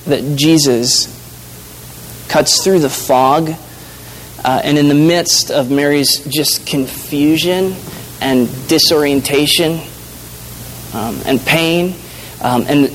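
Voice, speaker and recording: A man preaching a sermon in an earnest, halting way, with frequent restarts and fillers. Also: on the high side, slight background noise, low-quality recording. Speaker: pastor.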